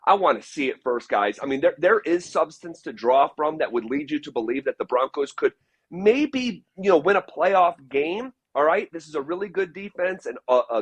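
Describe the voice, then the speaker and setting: A man with a slightly husky, fairly high voice talks football with emphatic, animated energy. The sound is dry and close. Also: no room sound. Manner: animated, emphatic, fast riffing. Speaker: radio sports host, guest. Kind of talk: casual sports analysis.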